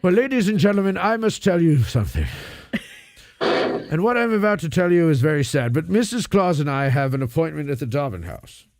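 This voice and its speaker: A man playing a wheezy, gravelly old Santa Claus. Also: a little high, expressive, fairly quick, no echo. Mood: rambling. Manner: rambling, out of breath, gravelly. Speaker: host. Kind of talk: comedy radio sketch.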